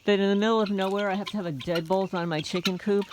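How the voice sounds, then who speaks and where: A woman vlogs casually as she walks around her small homestead near the chicken coop, rambling and aggrieved with wry asides. Her medium-pitched voice stays fairly even, moving quickly with hardly any pauses. The outdoor recording is noisy, full of crowing roosters and clucking hens.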